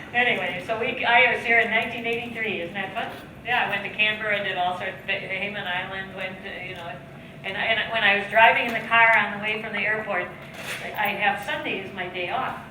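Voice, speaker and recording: A woman's voice: medium pitch, steady tone, normal speed. A woman in her fifties from the United States giving a jokey, chatty seminar talk to a live audience, often laughing at her own lines. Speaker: guest speaker and trainer. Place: large hall with an audience. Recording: echoey hall, distant mic, audience noise.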